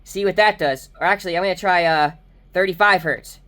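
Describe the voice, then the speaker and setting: Excitable woman doing car audio tests. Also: fairly low pitch, brisk. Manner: excitable, exclaiming, talking to viewers. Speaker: car audio enthusiast testing subwoofers. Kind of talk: excited vlog commentary. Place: inside a car.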